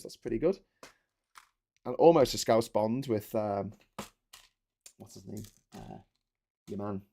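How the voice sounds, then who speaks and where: This forties-aged livestream host has a medium-pitched voice that's gravelly and a touch mellow. Building on a casual stream, he rambles with energy and drops the occasional swear word.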